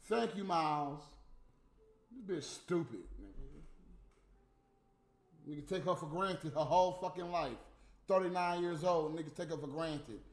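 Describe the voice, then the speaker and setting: A man's voice: fairly high pitch, unhurried, long pauses. A man on a casual, profane rant, heatedly mocking people who are not there while smoking a cigarette. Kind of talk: casual ranting monologue. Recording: echoey room with faint music.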